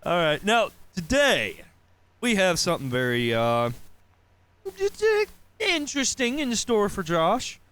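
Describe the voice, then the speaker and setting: Slow, lively-pitched man with a slight Southern drawl. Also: clean tone. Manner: loose, swearing, drawn-out delivery. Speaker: podcast host. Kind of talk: casual podcast chat.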